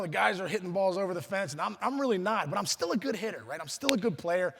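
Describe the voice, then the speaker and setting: Middle-aged guy from pittsburgh giving a luncheon speech, bright forceful voice, acts out quotes, lots of restarts, echoey banquet hall. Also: high voice, fast, few pauses. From Pittsburgh, USA. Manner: animated storyteller acting out quoted voices, frequent restarts. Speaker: guest speaker.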